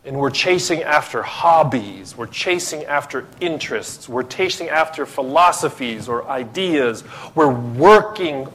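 A man's voice: mid-range voice, animated, measured pace, hardly any pauses, a bit bright, slight background noise. A man from the Philippines, preaching a sermon as pastor, emphatic and full of rhetorical questions.

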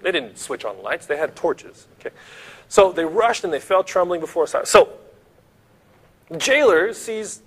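A man's voice: high-pitched, very animated, moderate pace, fairly bright tone, slightly rough. A man preaching a sermon, retelling a story vividly and speaking straight to his listeners.

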